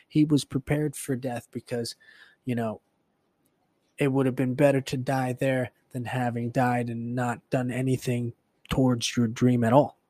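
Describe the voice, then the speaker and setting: Man, podcast host, casual rambling retelling, swears a lot, mid pitch, dry close sound. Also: warm tone, dry recording. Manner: profane, rambling storytelling with filler words.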